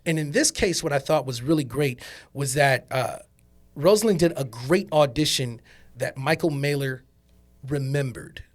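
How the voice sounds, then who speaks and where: A man hosting a casual podcast chat, often repeating words and using fillers as he gets his point across. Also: medium pitch. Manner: halting, repeats words and uses many fillers. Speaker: podcast host.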